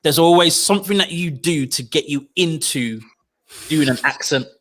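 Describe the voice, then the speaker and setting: A man talks fast and loose as a podcast co-host, tumbling through restarts and slang. His voice has a bright, clear edge to it, and he sounds keen and animated throughout. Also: fairly high pitch. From United Kingdom. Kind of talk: casual chat.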